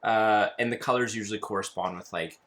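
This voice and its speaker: A man co-hosting a casual board game chat, explaining rules in a relaxed way with fillers. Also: fairly low pitch, fairly quick. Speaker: co-host.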